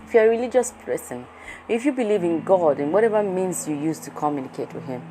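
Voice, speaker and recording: A woman who works as a therapist, telling a personal story in a casual, animated way and acting out the dialogue. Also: lowish voice, fast, music in the background, poor audio.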